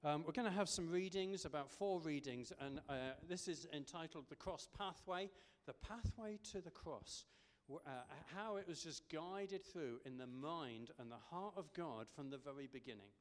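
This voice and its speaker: A man's voice: on the high side, normal speed. Chatty preacher man in an echoey hall. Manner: conversational, with frequent ums and restarts. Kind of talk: sermon. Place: church service.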